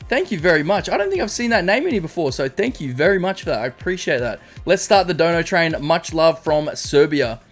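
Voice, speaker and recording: A man's voice: a little high, very animated, fairly quick, few pauses, faint music behind. An Australian man streaming live, chatting casually, greeting viewers by name and rambling through a story.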